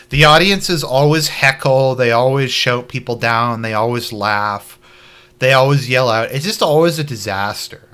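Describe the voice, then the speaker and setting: A man's voice: medium pitch, sharp tone. A man from Canada giving blunt, casual live commentary as a streamer, with offhand and profane asides.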